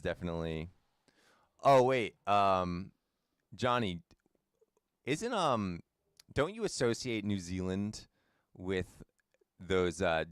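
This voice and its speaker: Low-voiced man streaming a game. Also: clear, resonant tone, no room sound, clean studio sound. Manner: chatty, laid-back, talks to chat by name. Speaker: streamer playing a game and chatting with viewers. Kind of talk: casual live-stream chat.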